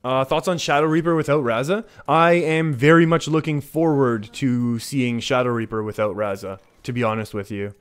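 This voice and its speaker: A Canadian man talks his way through a live game stream in a loose, conversational voice. His pitch sits right in the middle for a man. He rambles and laughs at himself, breaking off and restarting his sentences as he answers his chat. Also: fairly even intonation, moderate pace, few pauses, smooth. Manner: chatty and self-deprecating, chuckles and restarts mid-sentence. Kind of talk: casual live-stream gameplay commentary.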